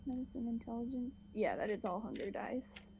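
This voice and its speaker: A woman player in a tabletop game, reactive and quick to swear. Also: fairly high pitch, creaky, noisy background.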